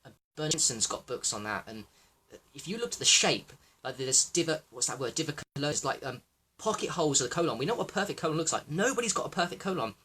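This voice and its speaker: A man rattles through a rambling livestream monologue at a fast clip. His voice is bright and a little husky, and he swears freely and calls out to viewers by name. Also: on the high side. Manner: excitable, profane, talking to viewers by name. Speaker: livestream host.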